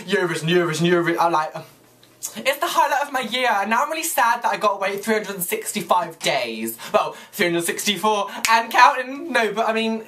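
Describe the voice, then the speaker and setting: A tired young man, chatting casually to camera in a vlog, ranting and swearing excitedly. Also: high voice, slight background noise. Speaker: vlogger.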